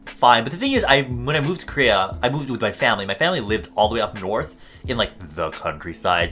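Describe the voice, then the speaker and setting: A man's voice: lowish voice, animated, moderate pace, pushed and bright, faint music behind. A young American man answering viewer questions in a casual vlog. He swears a lot and rambles off on tangents. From United States.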